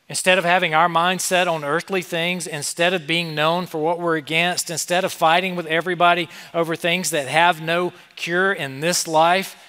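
A man preaching a sermon, shifting from quiet, tender passages to loud, rising emphasis. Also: a little high, big-room sound.

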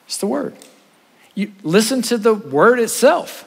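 A man, a pastor preaching an earnest sermon to his congregation, trading quick asides for slow, stressed points. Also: sits high, sing-song, vocal fry, breathy edge, big-room sound. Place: church sanctuary.

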